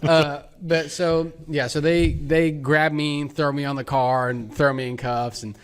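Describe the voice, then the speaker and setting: A man in his twenties, a podcast co-host, telling a personal story in a casual, animated way and acting out the people in it. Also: on the high side, unhurried, clear, resonant tone.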